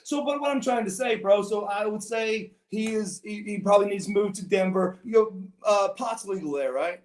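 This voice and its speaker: Brief: male podcast guest, rambling storyteller, high voice, roomy echo. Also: normal speed. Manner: meandering, repeats words, says "bro". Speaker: podcast guest, former pro wrestler.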